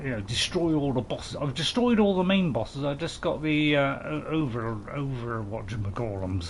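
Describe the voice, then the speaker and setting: A man's voice: mid-range voice, creaky, slight background noise. A middle-aged man chatting casually with his live-stream viewers while he plays, rambling and joking with plenty of restarts. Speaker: gaming streamer.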